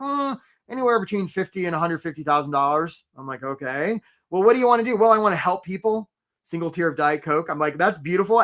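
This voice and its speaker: A career coach hosts a live webinar, his voice fairly high and fairly bright. He keeps things upbeat and conversational, greeting attendees by name and often tossing in "right?"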